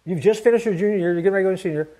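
A man voicing a stern, blunt father talking to his teenage son in a gruff, demanding way. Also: sits high, racing, voice pushed up, close to an everyday voice. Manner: gruff and demanding, softening when proud.

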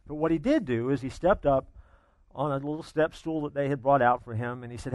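A man preaching a sermon, telling a story in an animated way, dropping to a hush and then rising loud. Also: medium pitch, a little fast, no echo. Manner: animated storyteller, swings between hushed and loud. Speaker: pastor.

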